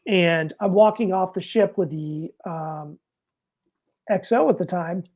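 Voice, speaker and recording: A man's voice: high-pitched, measured pace. Ex-Navy master chief, middle-aged guy, spins a loose, salty yarn on a podcast mic. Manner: animated, swears freely, acts out quotes. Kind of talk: casual storytelling.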